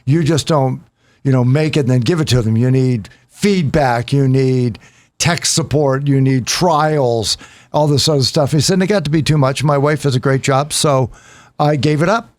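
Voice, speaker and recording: A man's voice: medium pitch, moderate pace, no room sound. A man co-hosting a radio show, telling stories in casual, joking chat. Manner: chatty storyteller, jokey, animated.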